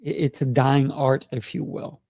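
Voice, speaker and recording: A man's voice: mid-range voice, level tone, normal speed, mellow, no echo. A man hosting an interview, enthusiastic and affirming, often agreeing with his guest. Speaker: show host, interviewer. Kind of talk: conversational interview.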